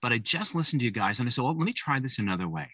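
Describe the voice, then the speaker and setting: A lively man with a bright, slightly husky voice talks parents through an idea in a relaxed way. His pitch moves around a lot as he explains. The sound is dry and close. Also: rapid-fire, no echo. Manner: animated, acts out parent and kid voices. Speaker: co-author giving a book talk. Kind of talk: conversational talk to parents.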